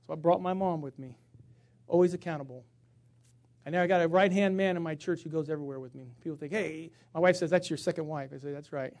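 A middle-aged male pastor preaching a sermon, swinging from hushed tones to shouting and acting out funny stories. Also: on the high side, a little fast. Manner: acts out funny stories with voices.

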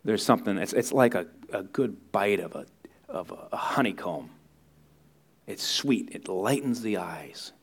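A man preaching a Sunday sermon as pastor, earnest, dropping to hushed tones in prayer and rising for emphasis. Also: fairly low pitch, animated, unhurried.

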